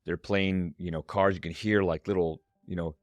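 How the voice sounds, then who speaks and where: A man's voice: sits low, fairly even intonation, moderate pace, no room sound. A middle-aged man, a strengths coach and guest, telling a personal story on a podcast and acting out voices in the quotes.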